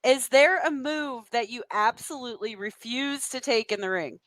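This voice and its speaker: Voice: mid-range voice, moderate pace, fairly bright tone, no echo. A podcast co-host asking questions and reacting briefly in a casual interview. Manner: short reactions and questions, laughs often.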